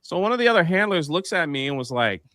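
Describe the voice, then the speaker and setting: A man's voice: a little high, fast. A man hosting a casual live panel show, telling a story and acting out the voices in it. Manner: animated, acts out the voices in his anecdotes.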